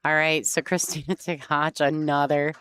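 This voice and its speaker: A woman's voice: low-pitched, flat delivery, a little slow, fairly bright tone. A woman commentating a pool match in a chatty way, laughing easily and explaining the play. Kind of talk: sports commentary.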